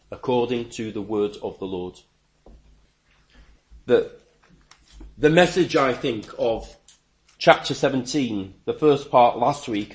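A man preaching a sermon, emphatic, with stammering restarts and sudden rises in pitch and volume.

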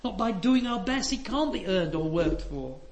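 An older man preaching a sermon, earnest and emphatic, dropping to soft asides. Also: sits high, expressive, normal speed. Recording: echoey hall.

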